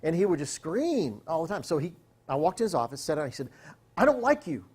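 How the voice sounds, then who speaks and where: A man speaking to an audience, recounting a story with energy and often slipping into the voices of the people in it. His voice sits a little high for a man. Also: fast talker, husky. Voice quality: animated, acts out quotes. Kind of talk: storytelling talk.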